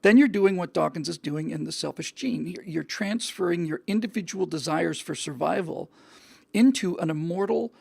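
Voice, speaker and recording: Man, show host, opinion monologue, husky, dry close sound, earnest. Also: high voice, normal speed, a little mellow, dry recording. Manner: earnest, repeats words and restarts sentences.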